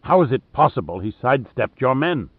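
An impatient male boss speaking over a radio, clipped and irritable, as a man reads him out. The voice is low and terse. It is narrated dialogue from a thriller audiobook. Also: animated, measured pace, no echo, phone-quality sound.

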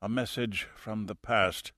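A man voicing a cold, fanatical male assassin with a faint European accent, speaking quietly and slowly as he fades. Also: lowish voice, steady tone, no room sound, clean studio sound. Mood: cold, fading. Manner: quiet, hushed and slow, fading breath.

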